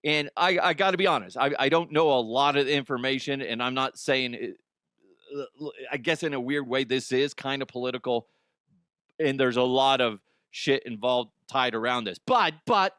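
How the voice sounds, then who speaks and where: A man's voice: medium pitch, normal speed, fairly bright tone, no echo, studio quality. A middle-aged man hosting a comedy news podcast, riffing crudely, laughing at his own jokes and slipping into silly voices. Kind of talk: casual comedic monologue.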